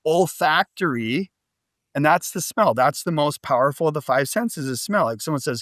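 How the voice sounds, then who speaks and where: A business coach appears as a podcast guest, speaking casually in a slightly higher male voice during an interview. His storytelling is loose and animated, packed with asides, quick questions, and frequent "like" and "right?". The audio is dry and close-miked, with no echo.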